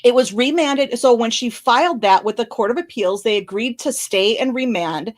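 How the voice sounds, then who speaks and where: A woman speaks on camera in a fairly high voice, close to tears as she delivers emotional commentary. She talks quickly and bluntly, breaking off to restart and apologize. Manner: fast, blunt, candid talk with many apologies and restarts. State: tearful, crying on and off. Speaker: channel host commenting on a legal case. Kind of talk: emotional live-stream commentary. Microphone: camera recording.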